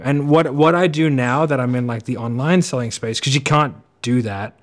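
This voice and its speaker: A man giving casual commentary on sales clips, talking quickly and acting out sales calls. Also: mid-range voice. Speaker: sales coach reacting to clips.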